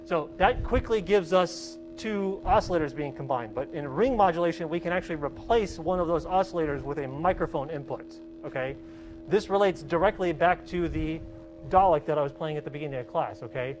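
Over music and through a rough recording, a male college professor talks fairly quickly in a fairly high pitch. His classroom demonstration is casual and hands-on, punctuated by frequent "okay?" check-ins.

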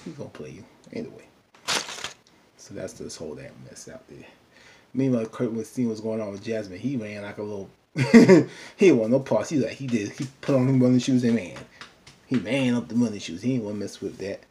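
A man's voice: lowish voice, lively intonation, fairly quick, mellow, slight background noise. A man casually recapping a TV episode in a loose, rambling way, filling his talk with "you know.". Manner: chatty, loose, full of "you know" fillers.

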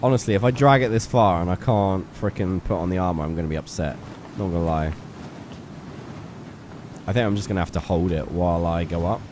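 A man's voice: low-pitched, a little fast, noisy background. A young man giving playful live gameplay commentary, chatting to his viewers and scolding an in-game character. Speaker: game streamer.

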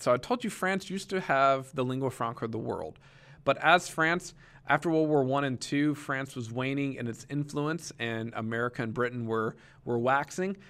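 A man's voice: medium pitch, fairly bright tone. A young adult male teacher giving a conversational recorded lecture, explaining step by step with frequent fillers and restarts.

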